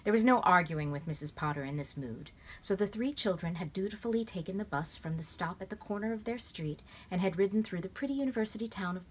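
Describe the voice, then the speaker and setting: Expressive female storybook reader, lowish voice. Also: a little hiss or hum. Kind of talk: reading a children's novel aloud. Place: at home in bed.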